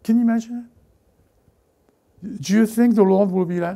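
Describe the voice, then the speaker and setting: Male pastor preaching, gravelly mellow voice, animated delivery that slips into character voices. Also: sits high, normal speed, long pauses, muffled recording. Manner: animated, repeats words, acts out characters. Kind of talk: lively sermon with acted-out voices.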